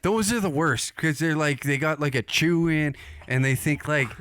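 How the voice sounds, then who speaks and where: A man's voice: a little high, normal speed, fairly bright tone, clean tone, no room sound. A man hosting a podcast, talking in a crude, rambling way and laughing often. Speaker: podcast host. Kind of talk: casual chat.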